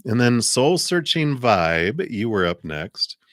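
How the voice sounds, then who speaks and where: A man giving a live-stream tarot reading, soft-spoken and meandering with many fillers, talking around a cough drop. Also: mid-range voice, big pitch swings, slow pace, no echo, studio quality. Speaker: tarot reader.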